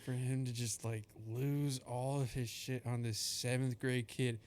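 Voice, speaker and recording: A man's voice: mid-range voice, little pitch movement, unhurried, a little mellow, clean tone. A young man, a podcast guest, laid-back and giving mostly short replies. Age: young adult. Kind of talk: casual chat.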